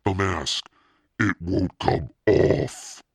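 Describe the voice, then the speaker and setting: A man voicing a young girl in a haunted mask, calling out in a gruff, raspy, taunting way. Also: very deep voice, slow pace, no room sound, studio quality, exaggerated voice. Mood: alarmed.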